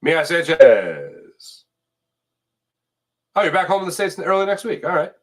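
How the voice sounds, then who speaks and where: A man's voice: sits high, steady tone, rapid-fire, a bit bright. A man hosting a sports talk stream, chatting casually as he reads out viewer comments and sponsor spots. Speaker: sports show host. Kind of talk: casual live-stream chat reading comments.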